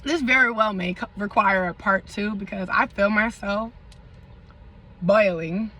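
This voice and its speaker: A young woman vlogger telling a storytime in a dramatic, animated way, full of slang and asides to her viewers. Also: medium pitch, unhurried, slight background noise, poor audio. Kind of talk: storytime vlog.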